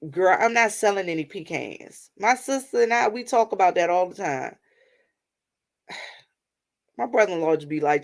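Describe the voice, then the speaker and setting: Brief: middle-aged woman vlogger, gravelly, rambling chatty delivery. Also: fairly low pitch, expressive, normal speed, pauses often. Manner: chatty, rambling, addresses viewers as y'all. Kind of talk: casual storytelling vent to viewers.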